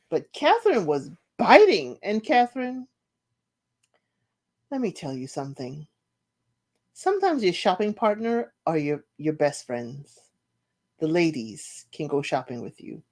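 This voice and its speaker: A woman talks through a dating show recap in a lively, swooping voice. She laughs often and slips into quick impressions of the people she is discussing. Her pitch stays mid-range but moves a lot. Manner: animated, laughs, mimics cast members' quotes. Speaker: reality show recap host. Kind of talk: casual commentary recap.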